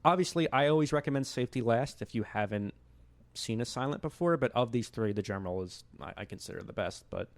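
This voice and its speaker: A podcast co-host, a man with a middle-pitched voice, caught dry and close on the mic. He talks about movies in an eager, rambling way and stumbles through restarts as his thoughts run ahead. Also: lively intonation, fast, dry recording. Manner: enthusiastic, rambling with many restarts. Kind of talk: casual film chat.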